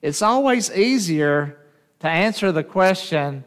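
This pastor's voice is high-pitched, expressive, a bit bright, and slow. Preaching in an echoey church sanctuary, he draws his congregation into call-and-response by frequently asking them questions.

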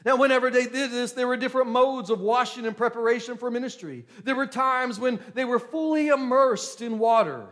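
A pastor delivers a sermon in a notably high-pitched male voice. He slows down to linger on important words, then swells into loud, emphatic bursts.

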